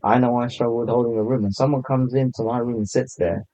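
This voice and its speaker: A man chatting as a podcast guest in a laid-back, low-key way. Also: fairly even intonation, fast talker, dark tone, no room sound. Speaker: podcast guest, content creator. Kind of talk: casual podcast chat. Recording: slightly muffled lo-fi sound.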